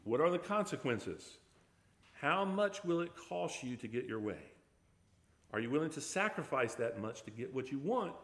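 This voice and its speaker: A man's voice: medium pitch, very animated, normal speed. Emphatic male preacher in an echoey room. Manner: emphatic preaching with rhetorical questions and repetition. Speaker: pastor. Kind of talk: sermon.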